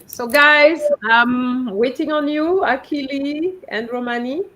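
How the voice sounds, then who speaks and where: A woman with a high, slightly bright voice teaches French slowly in a live online class over a video call. She patiently goes through her students' letters and corrects them one at a time, and the recording is rough.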